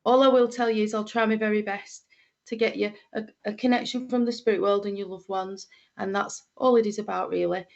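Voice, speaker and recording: A woman's voice: medium pitch, fairly even intonation, brisk, creaky. Chatty Lancashire woman, dull lo-fi audio. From Lancashire, England. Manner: chatty, homely, with frequent fillers and repeated greetings. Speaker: medium. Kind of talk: livestream greetings and mediumship reading.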